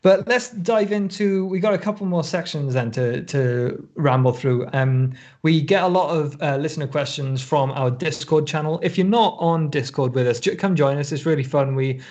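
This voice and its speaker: A man co-hosting a relaxed sports podcast, his voice sitting a little higher than most men's. He rambles, restarts his sentences and laughs often. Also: moderate pace, hardly any pauses. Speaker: podcast co-host. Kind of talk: casual chat.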